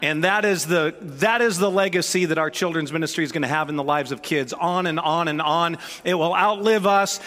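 A jokey, animated male pastor preaching in a church sanctuary. His voice is high and bright, and it echoes through a large hall. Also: a little fast, few pauses. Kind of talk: sermon with storytelling.

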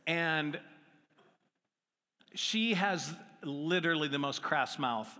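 A man's voice: fairly high pitch, takes it slowly, bright, forceful tone. A middle-aged man preaching a sermon in a conversational, self-deprecating way with playful asides. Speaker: pastor. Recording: long hall reverb with faint music.

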